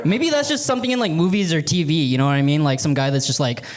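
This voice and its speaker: A man's voice: a little high, quick pace. A young man from Vancouver doing a stand-up set in a rambling, sheepish way, full of "like" and "you know". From Canada, Vancouver. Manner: rambling, filler-heavy, sheepish. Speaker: stand-up comedian. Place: comedy theater stage. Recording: live club with audience laughter.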